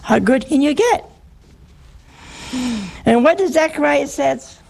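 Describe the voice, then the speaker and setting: A woman's voice: high voice, lively intonation, takes it slowly, vocal fry, a little mellow. A woman preaching a humorous sermon in a wry, teasing way, often putting questions to her listeners.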